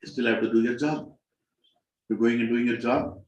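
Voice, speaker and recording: A man with an Indian English accent telling a dramatic story to a group as a spiritual teacher, his voice climbing high and loud at the tense moments. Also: steady tone, normal speed, roomy sound, highs cut off. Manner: dramatic, rises sharply in pitch and volume at tense moments.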